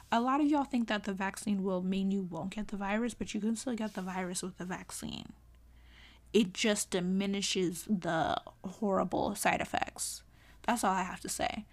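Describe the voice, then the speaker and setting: A young woman talking casually to camera in a vlog, animated and exasperated, pleading with sudden high exclamations. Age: young adult. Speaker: vlogger.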